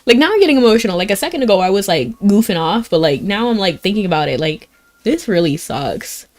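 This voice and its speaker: A young woman streams a fantasy game, chatting casually in a fairly low, expressive voice that's a little fast and slightly mellow. "Like" crops up all through her speech, and she reacts with open emotion to each story beat.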